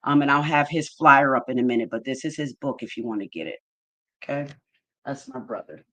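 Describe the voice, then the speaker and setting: A woman's voice: a bass voice, brisk, fairly bright tone. A woman hosting a casual livestream, thanking her chat viewers one by one in an effusive way. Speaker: livestream host.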